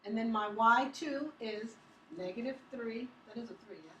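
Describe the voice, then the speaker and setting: A woman's voice: fairly high pitch, moderate pace, fairly bright tone, lo-fi sound. Upbeat woman teaching a math class. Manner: upbeat, teasing, quizzes students. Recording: echoey classroom from far off.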